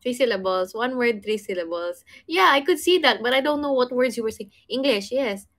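Woman, high pitch, livestream co-host, playful, frequent laughter. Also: expressive, brisk, a bit bright. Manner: playful, laughs often, repeats questions. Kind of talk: playing a word-guessing game.

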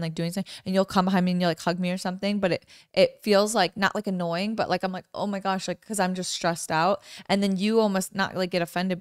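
Young woman podcast co-host, smooth clear voice, dry close mic, rambling chatty delivery. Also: on the low side, no echo. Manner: rambling, many "like" fillers. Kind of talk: casual couple podcast chat.

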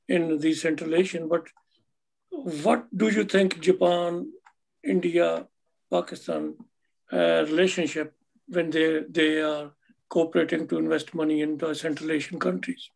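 A man from the audience asking a long question about foreign investment, speaking haltingly with fillers. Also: on the high side, creaky, a little mellow, rough recording.

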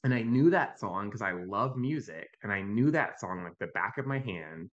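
A man with a fairly low voice tells stories on a podcast. He sounds animated and conversational and keeps checking in with a quick "right?". The audio is dull and a little lo-fi. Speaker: podcast guest, youth mental health advocate. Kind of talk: conversational storytelling.

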